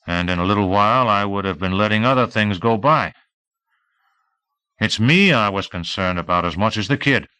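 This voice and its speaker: A man's voice: on the low side, expressive, moderate pace, pushed and bright, clear, resonant tone, no echo, low-quality recording. A man voicing a stubborn, middle-aged male police chief who speaks firmly. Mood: resolute. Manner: firm, resolute.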